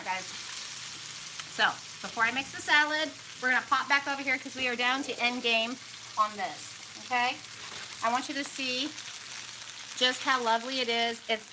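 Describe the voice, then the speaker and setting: Chatty woman cooking over a sizzling pan. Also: a little high. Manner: chatty, bubbly, talks to viewers while cooking. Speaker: cooking vlog host. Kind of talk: casual cooking demonstration. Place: home kitchen. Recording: noisy kitchen with sizzling pan. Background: frying and sizzling food.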